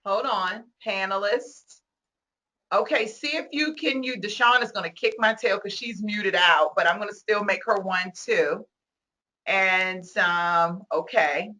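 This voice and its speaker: A woman hosting a virtual meet-and-greet over a video call, gushing and excitable, laughing often and close to tears. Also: medium pitch, measured pace. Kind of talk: casual video-call chat.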